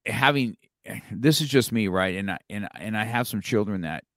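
A man's voice: on the low side, animated, moderate pace, fairly bright tone, no echo, clean studio sound. A middle-aged man hosting an interview, talking in a rambling way with many fillers and restarts. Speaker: podcast host. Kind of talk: casual interview chat.

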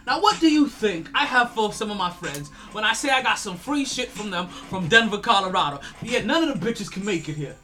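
A man's voice: high-pitched, animated, fairly quick, hardly any pauses, bright, forceful tone, soft background music. A man hosting a sports podcast, ranting in a casual monologue with stammered repeats and frequent laughter. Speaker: podcast host.

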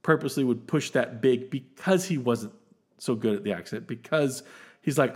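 Podcast host, male; eager, rambling, laughs easily, ordinary middle pitch. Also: normal speed, husky. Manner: animated, enthusiastic, laughs often, many restarts. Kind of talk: casual film discussion.

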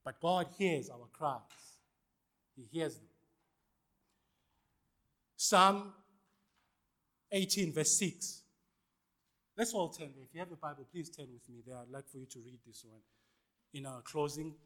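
A male pastor preaches a sermon, calling out to the congregation for responses and swinging between loud and hushed lines. His voice sits on the high side, he's a little slow, and he leaves long pauses.

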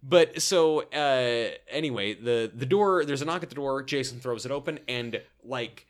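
A man's voice: medium pitch, moderate pace. A man co-hosting a podcast, retelling an episode in casual chat with many restarts. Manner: animated storyteller, stumbles and restarts. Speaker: podcast co-host.

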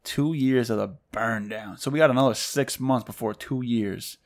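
A man's voice: mid-range voice, normal speed. A man co-hosting a casual podcast, telling stories in an easygoing, laid-back way. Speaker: podcast co-host. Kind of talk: casual chat.

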